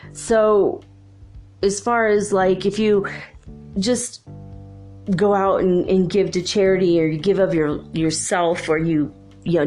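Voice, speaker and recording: A woman's voice: on the low side, a little mellow. A woman hosting a spiritual talk show, speaking in a rambling, chatty way with lots of filler words. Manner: rambling, chatty, full of "you know" and "like". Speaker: podcast host.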